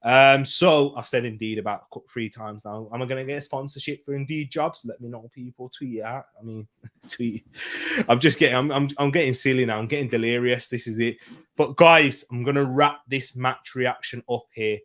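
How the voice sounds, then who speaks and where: A man's voice: medium pitch, fairly even intonation, normal speed, a bit bright. A young man hosting his own football channel, giving a casual match reaction in a chatty, jokey way and reading out viewer comments.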